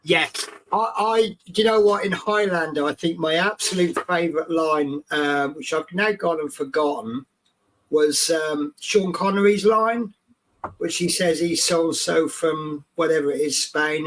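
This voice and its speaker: A man's voice: on the high side, fairly even intonation, unhurried, a bit bright, a little hiss or hum. A man co-hosting a live stream, chatting casually and going off on tangents. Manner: chatty, goes off on film tangents. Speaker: co-host.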